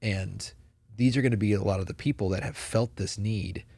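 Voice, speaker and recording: Earnest low-voiced man telling stories. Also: normal speed, vocal fry, darkish tone, no echo. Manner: earnest, storytelling with many fillers. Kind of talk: casual conversation.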